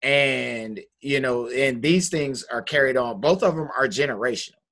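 Man, mid-pitched voice, earnest, casual group discussion, restarts as he goes. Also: moderate pace, a bit bright. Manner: earnest, restarts mid-phrase, builds points. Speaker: panel guest and writer.

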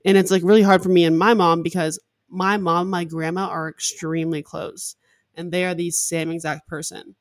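A woman's voice: on the low side, flat delivery, normal speed, no echo, studio quality. A woman in her twenties hosting a podcast, chatting casually and candidly, with "like" filling many of her sentences. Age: 20s. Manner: candid, heavy use of "like" as filler. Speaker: podcast host. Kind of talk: casual chat.

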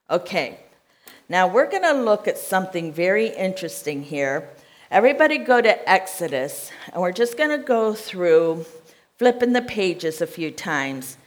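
A woman's voice: on the low side, sing-song, a little slow. An American woman preaching a sermon, reading scripture aloud and checking in with her listeners in a conversational way.

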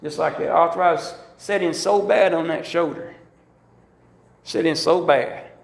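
A man's voice: a little high, measured pace, vocal fry. A middle-aged man preaching a sermon as pastor, telling folksy stories and acting out quotes. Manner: folksy, animated storytelling with acted-out quotes. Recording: echoey room.

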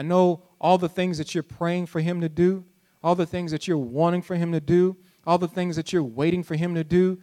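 High-voiced preaching pastor. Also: male voice, level tone, normal speed, warm tone. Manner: repetitive preaching with rising emphatic calls. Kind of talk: sermon.

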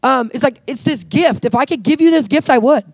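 An earnest woman tells her faith testimony with a high, bright-pitched voice. She talks in a heartfelt, casual way, full of "like" fillers. The sound is close and dry, with no room around it. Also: brisk, slightly rough, no echo. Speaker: guest sharing a faith testimony. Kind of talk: personal testimony in conversation.

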